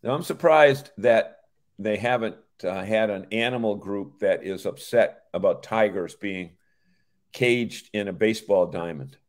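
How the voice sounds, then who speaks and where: A man's voice: on the low side, a little slow. A man co-hosting a casual show over a video call, joking and rambling with restarts. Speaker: co-host. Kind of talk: casual chat.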